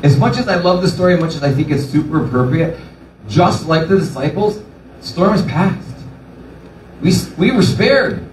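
Male preacher, storytelling sermon, slightly high voice, roomy and distant sound. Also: normal speed, slight background noise. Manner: animated storytelling with voiced asides. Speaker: pastor. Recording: echoey room from far off.

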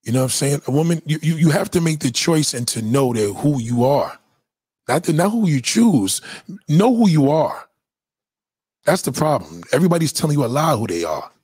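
A man with a husky voice holds forth on his livestream, emphatic and preachy, swearing freely. The sound is close and dry, with no room around it. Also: a little high, very animated, normal speed, a little mellow, no room sound. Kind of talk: casual livestream monologue.

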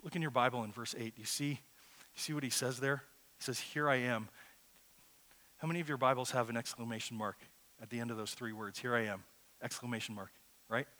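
A pastor preaching a sermon in an earnest, conversational way that swells into loud, emphatic peaks. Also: male voice, medium pitch, steady tone, a little fast, pauses often.

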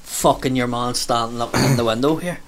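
A man's voice: medium pitch, fairly quick. A man telling a rowdy anecdote in casual chat, swearing often and acting out other people's voices. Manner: sweary, animated, acts out voices. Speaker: storyteller.

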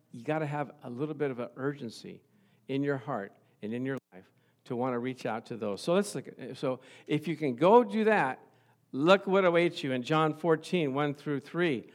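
A middle-aged male pastor preaching a sermon to his congregation, chuckling at times and building to loud, fervent passages of scripture. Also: a little high. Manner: chuckles often, talks to the congregation.

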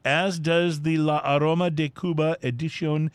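A man's voice: a little high, little pitch movement, normal speed, clear, resonant tone, dry recording. A man co-hosting a casual talk show, reading through a cigar list with lots of fillers and easy enthusiasm. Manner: easygoing, filler-heavy, enthusiastic. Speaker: podcast co-host.

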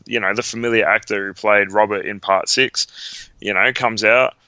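A man's voice: fairly low pitch, steady tone, normal speed, sharp tone, clean tone, no echo, lo-fi sound. A man, co-hosting a podcast in casual chat, enthusiastic and emotional, often repeating his words. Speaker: podcast co-host.

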